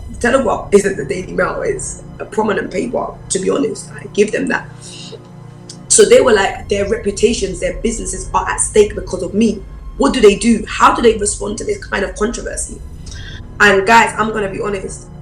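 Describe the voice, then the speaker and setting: A woman pastor, preaching a personal testimony in an animated storytelling way. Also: mid-range voice, vocal fry, echoey room, low-quality recording. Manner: animated storyteller, acts out quoted voices.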